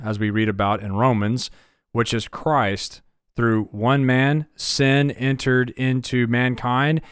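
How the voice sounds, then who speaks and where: Man, smooth clear voice, reads and explains bible verses, dry sound. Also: mid-range voice, no room sound. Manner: reads scripture verses aloud and explains them. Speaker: co-host. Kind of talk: conversational Bible study discussion.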